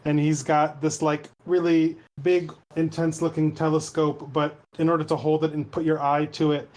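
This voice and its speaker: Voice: mid-range voice, little pitch movement, moderate pace, darkish tone. A player at a tabletop game, narrating scenes and teasing the game master.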